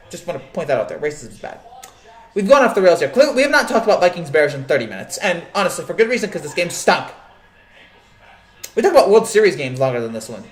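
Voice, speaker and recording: A man's voice: on the high side, roomy sound. A man hosting a casual live sports show, rambling and joking as he answers the chat, with many restarts and fillers.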